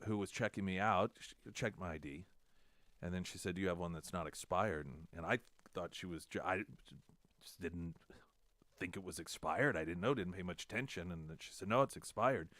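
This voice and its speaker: Low-voiced man telling a self-mocking story. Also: a little fast, no room sound. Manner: self-deprecating, animated retelling with quoted dialogue. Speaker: radio talk show host. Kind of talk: casual storytelling on air. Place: radio studio.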